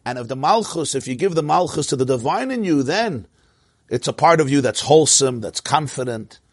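A man's voice: mid-range voice, animated, a little fast, slightly rough, no echo, clean studio sound. A man teaching a Torah class, emphatic and repetitive, mixing in Hebrew and Yiddish terms and laughing between points.

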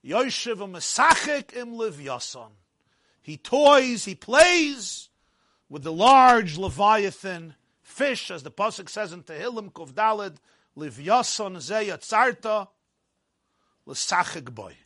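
A man narrating a first-person story in a measured, dramatic way, dropping into quiet stretches. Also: high voice, lively intonation.

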